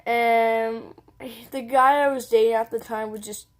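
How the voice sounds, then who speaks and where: Teen girl vlogging, slightly high voice. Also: steady tone, a little slow. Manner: casual, rambling, says "like" constantly. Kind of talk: candid personal storytelling.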